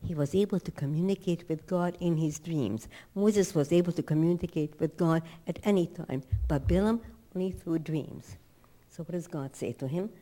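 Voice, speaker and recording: A woman's voice: fairly low pitch, moderate pace, warm tone. A woman teaching a Torah class, telling the story dramatically with emphatic rhetorical questions and acted-out quotes.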